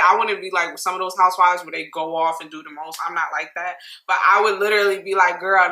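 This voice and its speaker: A young woman recapping a reality show in casual, slangy chat, animated and laughing often. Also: mid-range voice. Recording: roomy echo.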